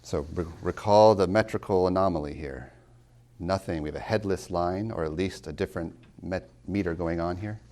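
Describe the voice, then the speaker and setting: A man teaching a class as a college tutor, emphatic, asking rhetorical questions and slowing down to stress key words. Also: low voice, dark tone. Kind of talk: classroom lecture on poetry.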